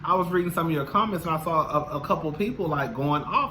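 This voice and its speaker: A man vlogging casually to camera, sassy and expressive, calling his listeners "girl". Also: a little high, quick pace, a little hiss or hum.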